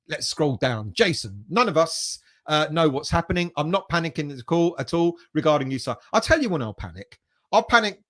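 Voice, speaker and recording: A man's voice: on the high side, a bit bright. A man hosting a fan livestream, reading viewer comments aloud and chatting casually, with the odd bit of swearing. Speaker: fan channel host reading live chat.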